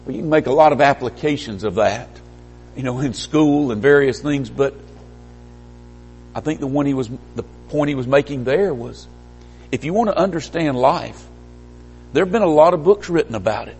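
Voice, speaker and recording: A man preaching a sermon, emphatic, swinging from stressed peaks to quiet low lines. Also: moderate pace, breathy edge. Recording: long hall reverb.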